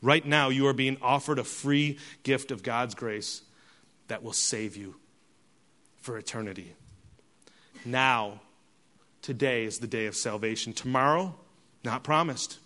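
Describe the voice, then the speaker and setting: A middle-aged man preaching a sermon, talking straight to the congregation with rhetorical questions and swings from hushed to loud. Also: mid-range voice, unhurried, long pauses. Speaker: pastor.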